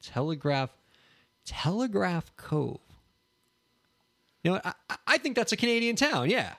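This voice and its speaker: A man co-hosting a podcast in casual, relaxed chat, talking things through at an even pace. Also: high-pitched, a little slow, creaky. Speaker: podcast co-host.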